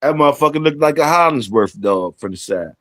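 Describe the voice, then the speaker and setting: A man's voice: a little high, lively intonation, fairly quick, no echo. A man hosting a casual livestream, talking in slangy, profane, repetitive banter to his chat and guests. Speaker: livestream host.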